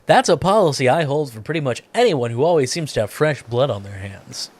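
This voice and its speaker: A man's voice: medium pitch, animated, brisk, a little mellow. A man playing a dating sim as a gaming creator, reading the text aloud with playful, theatrical commentary. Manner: playful, theatrical, laughs often. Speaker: gaming YouTuber.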